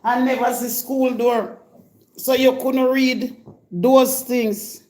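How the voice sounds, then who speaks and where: A woman's voice: fairly high pitch, fairly even intonation, takes it slowly, a little mellow. A woman with a Jamaican accent hosting a live stream, delivering an indignant, confrontational rant straight at her target. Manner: scolding, indignant, addresses her target directly.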